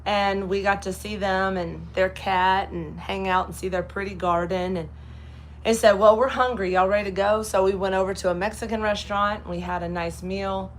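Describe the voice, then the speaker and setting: A woman's voice: medium pitch, fairly even intonation, normal speed, a little hiss or hum. Chatty woman with a light Kentucky twang. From Texas. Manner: chatty storyteller, acts out other people's lines. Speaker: host. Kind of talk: casual live chat.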